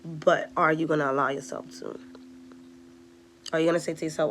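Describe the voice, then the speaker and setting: A woman's voice: low voice, steady tone, moderate pace, vocal fry, pauses often, a little hiss or hum. A woman giving a casual tarot reading, chatty and direct, talking straight to her viewers. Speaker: tarot reader.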